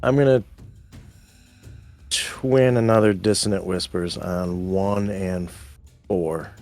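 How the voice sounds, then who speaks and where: A man's voice: low voice, fairly even intonation, slow pace, a little mellow, soft background music. A man playing in an online tabletop game, speaking briefly and hesitantly. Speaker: player. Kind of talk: tabletop game play over voice chat.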